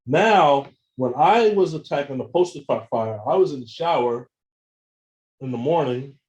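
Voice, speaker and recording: A man speaks at a seminar, telling his story with animated energy. His voice is mellow and warm, and he acts out both sides of phone calls. He stumbles over words and repeats them often. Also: medium pitch, unhurried, dull audio. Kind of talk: storytelling talk with slides.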